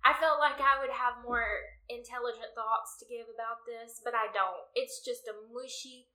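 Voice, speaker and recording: Gushing bright-voiced woman in echoey room. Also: on the high side, fairly even intonation, normal speed. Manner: gushing, effusive. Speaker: podcast co-host. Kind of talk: casual book discussion chat.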